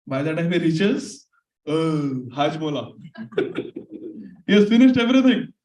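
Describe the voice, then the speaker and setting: A man telling a story to children, animated and acting out the characters. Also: on the high side, slow, far from the mic. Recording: echoey room, off-mic.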